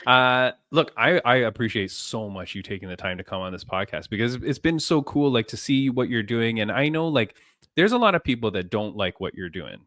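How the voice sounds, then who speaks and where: A man's voice: mid-range voice, animated, a little fast, a bit bright, dry recording, studio quality. A man hosting a podcast interview, chatting casually with many fillers and restarts. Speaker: podcast host.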